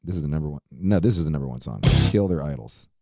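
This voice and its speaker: A man's voice: a bass voice, animated, fast talker, over loud music. A man hosting his own podcast, talking casually and rambling, swearing often. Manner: profane, rambling, laid-back. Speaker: podcast host.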